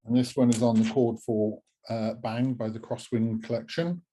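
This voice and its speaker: A Southwest English man chats in a mellow, warm register. His delivery is dry and understated, like someone winding down in the evening. He sounds relaxed among friends. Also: mid-range voice, moderate pace. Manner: dry, understated, tired after a workday. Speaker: co-host. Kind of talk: casual chat showing finished stitching.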